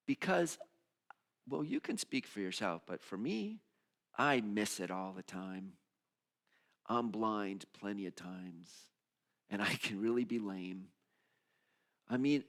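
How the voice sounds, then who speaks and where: A male minister giving a sermon in a conversational, expressive way, moving between hushed moments and emphatic ones. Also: medium pitch. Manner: conversational, with restarts and repeated phrases.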